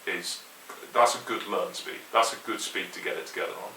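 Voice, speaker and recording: A man giving a metal guitar lesson, explaining rhythms in a relaxed, opinionated way and counting along to the click. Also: deep voice, brisk. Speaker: guitar teacher. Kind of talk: instructional explanation. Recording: roomy echo, mic at a distance, faint hiss.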